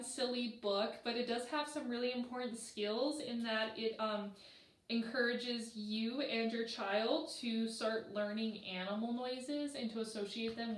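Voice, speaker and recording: A woman librarian reads to babies and leads rhymes in a slow, sing-song voice that sits a little high. She praises the little ones warmly between verses. The sound carries the echo of a roomy space. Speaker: children's librarian. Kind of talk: storytime reading and rhymes for babies. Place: library room. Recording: echoey room.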